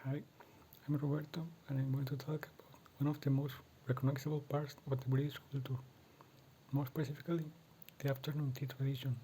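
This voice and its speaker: A man with a Latin American Spanish accent giving a scripted class presentation in a measured way. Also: mid-range voice, little pitch movement, dark tone, a little hiss or hum, low-quality recording. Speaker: student presenter.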